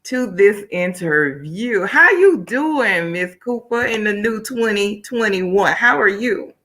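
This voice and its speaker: Bright, chatty woman hosting a livestream. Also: mid-range voice, unhurried. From Miami, Florida. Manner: upbeat, chatty, colloquial, talking to viewers' comments. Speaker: host. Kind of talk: livestream talk show hosting.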